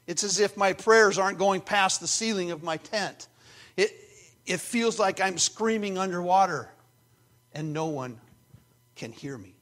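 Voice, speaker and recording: A man giving voice to an anguished ancient psalmist, pleading with God in an intense, emphatic way, in a raised, slightly high voice. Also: unhurried, a bit bright.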